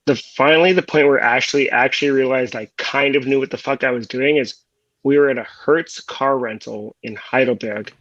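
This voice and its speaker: A man's voice: medium pitch, steady tone, moderate pace, a bit bright, no echo. A man telling jokey stories and swearing freely in a casual group chat. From United States. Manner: joking storyteller, swears freely. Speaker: podcast co-host. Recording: dull dry sound.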